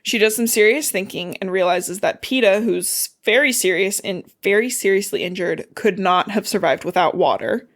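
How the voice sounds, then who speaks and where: A woman's voice: medium pitch, normal speed, hardly any pauses. A woman podcast co-host casually retelling a novel's plot, swearing and laughing as she acts out the characters' lines. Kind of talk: casual recap chat.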